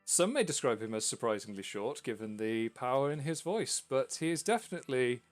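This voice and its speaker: A man's voice: mid-range voice, expressive, brisk, soft background music. A man narrating a tabletop game as dungeon master, in a casual, chuckling way.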